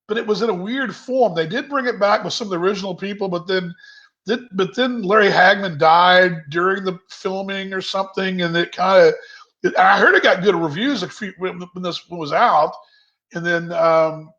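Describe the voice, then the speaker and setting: A man sits in his kitchen hosting a laid-back virtual happy hour on a video call, rambling and voicing viewers' comments. He talks at a moderate pace with a high, fairly bright voice, captured in dull lo-fi audio.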